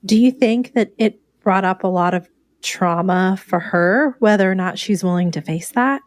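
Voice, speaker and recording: Woman interviewer, gentle probing questions, dry close recording. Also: mid-range voice, normal speed, no echo. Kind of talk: podcast interview.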